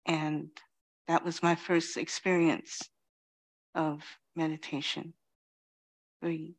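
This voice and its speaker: Slow, low-voiced woman giving a dharma talk. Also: level tone. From Queens, New York. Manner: reflective, halting, with pauses and "you know". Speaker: Zen teacher.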